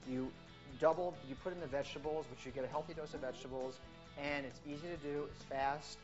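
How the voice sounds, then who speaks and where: A woman with a notably low voice talks a home cook through a quick healthy meal, upbeat and forever checking in. The sound is dull and lo-fi. Clear music plays under her. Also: steady tone. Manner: upbeat, keeps checking in with "okay?". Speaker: nutrition coach. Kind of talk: cooking demonstration.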